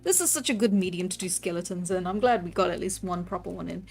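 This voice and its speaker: Woman streaming her drawing, chatty and giggly, soft music under it. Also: on the low side, fast talker, hardly any pauses. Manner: chatty, giggly, reads chat aloud. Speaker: live-streaming artist. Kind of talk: casual chat while drawing on stream. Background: faint background music.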